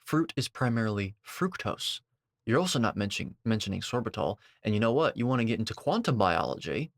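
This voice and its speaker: Sarcastic lower-voiced man in a dry room. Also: sing-song, fairly quick, a bit bright, dry recording. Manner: sarcastic, combative, jumps to sudden high-pitched outbursts. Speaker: commentator reacting to a video. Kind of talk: reaction commentary, lecturing.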